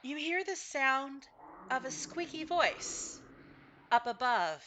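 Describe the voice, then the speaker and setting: A woman's voice: high voice, very animated, slow, sharp tone, a little hiss or hum. A woman narrating a tabletop game as game master, recapping with frequent fillers and self-corrections.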